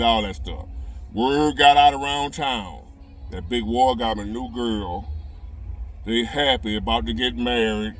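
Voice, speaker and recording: A man's voice: medium pitch, a bit bright, a little hiss or hum. A middle-aged man, telling a relationship story to his viewers in a folksy, drawling way. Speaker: relationship advice video host. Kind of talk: casual storytelling monologue. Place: inside a parked car.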